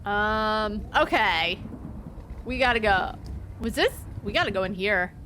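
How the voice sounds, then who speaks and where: A woman's voice: mid-range voice, animated, unhurried, sharp tone, a little hiss or hum. A young woman streamer giving casual let's-play commentary, chatty and sarcastic, with frequent swearing.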